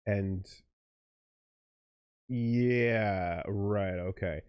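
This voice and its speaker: A man's voice: on the low side, drawn-out words, clear, resonant tone, dry recording. A man hosting a casual let's play, rambling and restarting his sentences as he chats about the game. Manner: rambling, self-interrupting, bursts into loud laughter. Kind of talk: casual gaming commentary.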